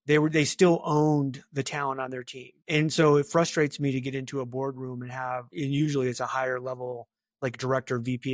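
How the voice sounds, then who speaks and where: A middle-aged man speaking as a guest in a casual interview, chatty and animated, full of fillers and asides. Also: mid-range voice, no room sound, clean studio sound. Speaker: talent acquisition leader, guest.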